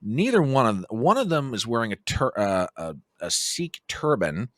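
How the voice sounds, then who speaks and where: Heard in clean studio sound with no room sound, a middle-aged American podcast guest with a medium-pitched voice tells a long travel story at a moderate pace. He's an animated storyteller, acting out the quotes as he goes.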